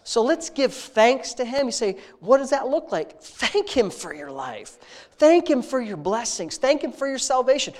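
A man's voice: very high-pitched, sing-song, normal speed. Earnest man leading a heartfelt spoken prayer. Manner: earnest, heartfelt, repetitive praise phrases; conversational, intimate tone. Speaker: prayer leader.

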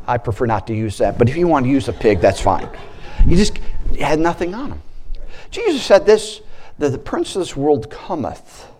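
Animated male preacher with swooping delivery. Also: medium pitch. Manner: animated, with joking asides. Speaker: pastor. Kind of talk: sermon.

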